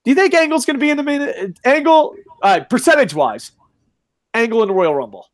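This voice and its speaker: A middle-aged podcast host who lives in Japan runs a casual live-stream chat, reading viewers' comments out loud. His voice is very high-pitched and very animated, and he talks quickly, with no room sound. He jokes around, swears freely, and laughs a lot.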